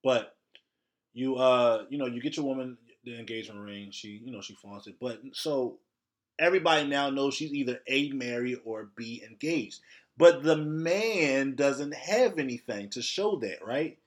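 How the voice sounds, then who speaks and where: A man's voice: mid-range voice, lively intonation, normal speed. A man hosting a solo podcast, lecturing his listeners in a blunt, heavily profane rant. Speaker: podcast host.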